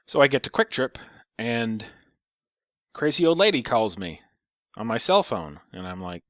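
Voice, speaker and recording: A man's voice: medium pitch, big pitch swings, moderate pace, pauses often, fairly bright tone, dry recording, studio quality. Sarcastic man ranting through a story. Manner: sarcastic, profane, rambling. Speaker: storyteller vlogger. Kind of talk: casual storytelling.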